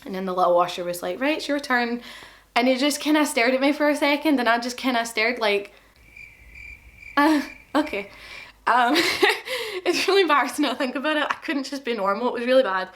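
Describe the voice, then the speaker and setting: A woman's voice: high-pitched, animated, fast, fairly bright tone. Chatty Glaswegian young woman vlogger. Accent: Scottish, Glaswegian. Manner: chatty, self-deprecating, quotes people in dialogue. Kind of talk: casual storytelling to camera.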